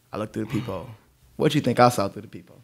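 A podcast co-host with a fairly low, gravelly and slightly rough voice tells a story during casual conversation. He's an animated storyteller who acts out the quotes of the people involved.

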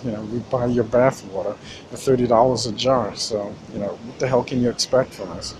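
A man rants to the camera in a rambling, profane monologue, stumbling over fillers and repeating his starts. His voice sits at an ordinary middle pitch. A steady air-conditioner hum runs under the recording. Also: brisk. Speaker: vlogger.

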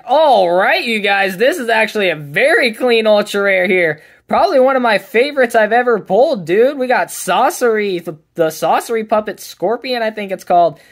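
A man hosting a card pack opening, chatting casually and calling out each card as he pulls it. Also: high voice. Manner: upbeat, chatty, calls out each card as pulled. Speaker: card collector and channel host.

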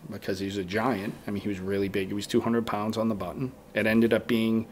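A man's voice: fairly low pitch, little pitch movement, brisk, slight background noise. A man talking as a podcast guest, telling a rambling story and acting out his own past thoughts in quotes. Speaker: guest bowhunter. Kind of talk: casual storytelling in a podcast interview.

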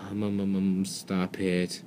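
A man's voice: low voice, completely flat delivery, slow pace, dark tone, a little hiss or hum. A man doing casual reaction commentary. He rambles, makes mocking, exasperated asides and keeps breaking into giggles. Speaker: reaction video host.

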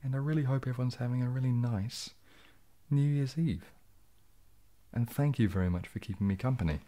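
A man with a low, husky, mellow voice chats softly on a relaxed ASMR livestream. He rambles gently through viewers' questions and sometimes slips into a whisper. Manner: relaxed, rambling, drops into whispers, reads chat aloud. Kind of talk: casual soft-spoken livestream chat.

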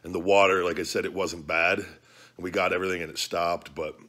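A man's voice: deep voice, level tone, brisk, bright, forceful tone. A man hosting his own vlog, talking casually and loosely with joking, profane banter through a hot food challenge at home. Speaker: vlog host.

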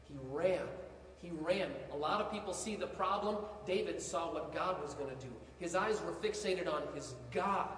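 A man preaching a sermon as pastor, animated, swinging between quiet asides and loud bursts. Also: on the high side, moderate pace. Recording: echoey hall from far off, faint ambience.

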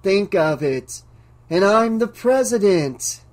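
A man voicing an entranced bank manager who talks slowly in a dreamy, sing-song way, reading an audiobook. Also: high voice, lively intonation, darkish tone, pitched above the performer's own voice. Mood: dreamy, grandiose. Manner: slow, sing-songy, dreamy.

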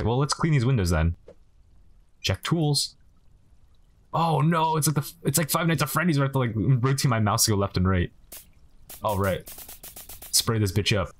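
A young man giving joking, casual commentary while playing a game, chatting to the characters on screen. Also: medium pitch. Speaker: gaming commentator. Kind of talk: casual let's-play commentary.

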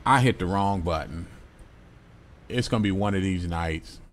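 A man's voice: deep voice, moderate pace. A man giving casual commentary while playing a truck-driving game, muttering to himself and getting exasperated. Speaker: gaming channel host. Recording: steady engine noise behind the voice. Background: truck engine and road noise from the game.

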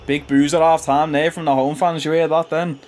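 A young man giving casual, slangy commentary over his own football video game, chuckling often and jumping to excited shouts when goals go in. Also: a little high, fairly quick, a little hiss or hum. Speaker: gaming YouTuber and streamer. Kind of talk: casual live gameplay commentary.

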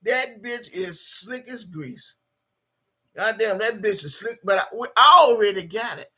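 Female streamer: tense, sharp voice with a raspy grain, combative and foul-mouthed, reading chat between jabs. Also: medium pitch, expressive, unhurried. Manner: profane, combative, repetitive; reads out viewer chat. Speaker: livestream host. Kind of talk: angry livestream rant.

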